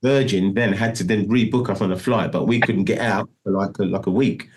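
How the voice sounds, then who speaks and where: A man's voice: on the low side, steady tone, a little fast, darkish tone, a little hiss or hum. A middle-aged man telling a long story in a casual interview, rambling and restarting often. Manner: rambling, full of restarts and "do you know what I mean". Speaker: guest musician.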